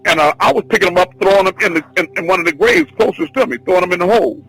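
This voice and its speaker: High, bright, husky man telling a story. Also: very fast, poor audio. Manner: excitable, repetitive, restarts often. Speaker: teacher of a spiritual class. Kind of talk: rambling spoken testimony.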